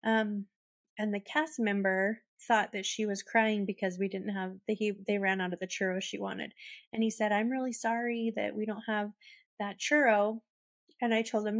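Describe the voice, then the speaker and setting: A podcast host with a mid-range voice and steady tone tells personal stories at a moderate pace. She's casual and emotional, choked up and near tears but laughing through it.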